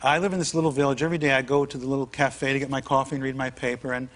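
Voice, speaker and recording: A man's voice: mid-range voice, little pitch movement, rapid-fire, a bit bright. A man who is a comedian and actor, a guest on a late-night talk show, telling a comic anecdote and mimicking other people's voices. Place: TV studio with a live audience. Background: studio audience.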